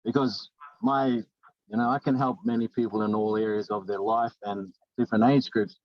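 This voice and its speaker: Talking in a casual interview, this middle-aged life coach from New Zealand sounds earnest and rambles, often starting sentences over in his New Zealand accent. He speaks at a normal speed with a steady, lowish tone. The recording is dry and muffled.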